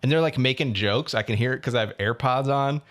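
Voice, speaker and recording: A young man co-hosting a podcast, telling a story in a casual, animated way and acting out what other people said. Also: medium pitch, a little fast. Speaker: podcast co-host. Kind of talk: casual chat.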